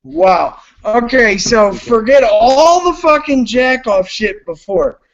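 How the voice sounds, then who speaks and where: High-voiced intoxicated man, swearing nonstop. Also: expressive, slow pace. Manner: heavy swearing, loose and rambling. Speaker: live stream host. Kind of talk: rambling live-stream chat. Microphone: computer mic on a live stream. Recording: lo-fi online stream audio.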